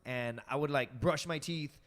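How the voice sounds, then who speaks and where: On a podcast, a male stand-up comic rambles through casual stories, cursing freely and leaning on fillers. His voice is on the high side and fairly bright, at a moderate pace, and the sound suggests a large hall.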